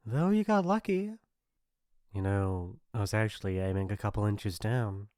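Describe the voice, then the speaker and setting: A man's voice: fairly low pitch, clear, resonant tone, no echo, clean studio sound, close to an everyday voice. A man voicing a mean, teasing popular bully in an ASMR role-play, mocking and laughing often. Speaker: voice actor.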